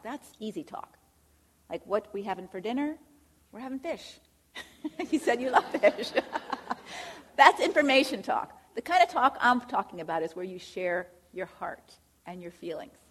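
High breathy woman teaching on faith. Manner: earnest, direct, asks rhetorical questions. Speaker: Christian counselor and speaker. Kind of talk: faith-based teaching talk.

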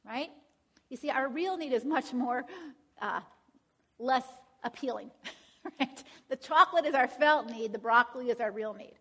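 A woman's voice: high-pitched, moderate pace, fairly bright tone. A woman teaching a Christian counseling class in a conversational way, often checking in with the audience and quoting scripture aloud. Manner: conversational, checks in with "all right?" and "right?".

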